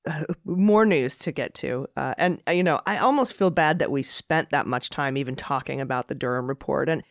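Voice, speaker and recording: A woman's voice: very deep voice, normal speed, gravelly, dry recording, clean studio sound. A woman hosting a political podcast in casual chat, wry and sardonic, with frequent fillers. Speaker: podcast host.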